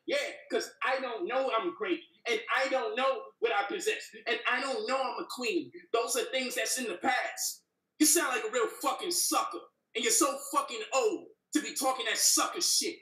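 Heated debater, male, bright forceful voice, far from mic in an echoey room, swears a lot. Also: very high-pitched, moderate pace. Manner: passionate, profane, preachy. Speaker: debate guest.

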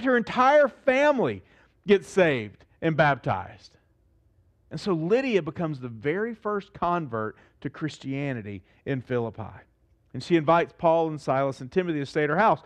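A male pastor preaching a sermon, animated and emphatic, lifting his voice to stress points and slowing down on key phrases. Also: high voice.

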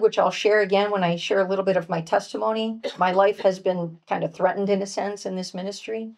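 A woman speaker teaching from scripture to a women's retreat, earnest and gentle, dropping to a soft hush on key points. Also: medium pitch, fairly even intonation, normal speed, few pauses. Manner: reads scripture aloud and acts out voices. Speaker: workshop speaker at a pastors' wives' retreat.

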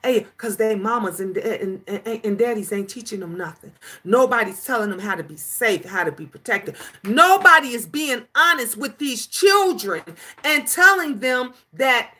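A woman in her fifties hosts her own commentary talk, and her voice sits high with a bright, forceful edge. She is preachy and emphatic, scolding her listeners and acting out stories with lively energy. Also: normal speed. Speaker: commentary channel host. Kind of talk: casual commentary rant.

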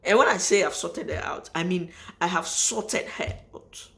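A woman's voice: lowish voice, measured pace, creaky. A woman, talking straight to her viewers in a casual vlog monologue. She is emphatic and says key lines twice, and her sentences ramble and restart. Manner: emphatic, repeats phrases for stress. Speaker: vlogger. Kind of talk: casual spoken monologue to camera.

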